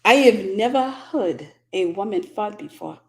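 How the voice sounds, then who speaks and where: A woman's voice: mid-range voice, expressive, measured pace. A woman imitating her astonished husband from Cameroon, with a Cameroonian accent, marveling and stumbling over his words. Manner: repetitive, marveling, stammering. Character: man from Cameroon, amazed husband.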